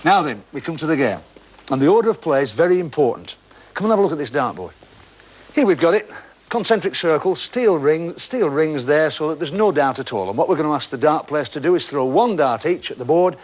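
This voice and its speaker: A man's voice: on the high side, animated, fairly quick, darkish tone. A man hosting a television game show, chatting and teasing the contestants in a jokey way. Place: television studio.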